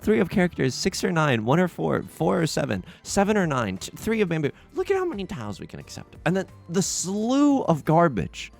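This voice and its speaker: A man's voice: on the high side, huge pitch swings, fast talker, vocal fry, few pauses, faint music behind. A young man hosting a let's play, chatting casually and mock-outraged at his luck in a self-deprecating way. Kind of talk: casual gameplay commentary.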